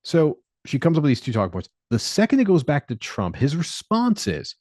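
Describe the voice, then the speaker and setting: A man co-hosting a podcast, chatting casually about politics in an animated, storytelling way. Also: a little high, a little fast, few pauses, no room sound, clean studio sound. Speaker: podcast co-host.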